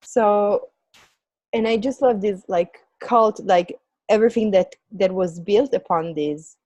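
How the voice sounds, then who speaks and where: A woman's voice: mid-range voice, measured pace, a little mellow, dry recording, dull audio. A woman talking in a loose, rambling conversational way, full of filler words, as a podcast co-host. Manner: rambling, heavy use of "like" fillers. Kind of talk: casual conversation.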